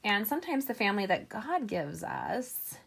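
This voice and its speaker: A woman's voice: medium pitch, very animated, normal speed, vocal fry, a bit bright, slight background noise. A middle-aged woman hosting a casual live card-making tutorial, chatty and rambling with personal asides.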